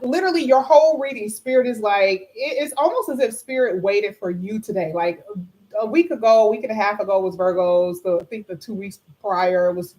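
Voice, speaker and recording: A woman giving a tarot card reading to her viewers, chatty and animated, her voice a little hoarse. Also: medium pitch, rough recording. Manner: animated, excited exclamations, chatty asides to viewers. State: slightly hoarse. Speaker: tarot reader.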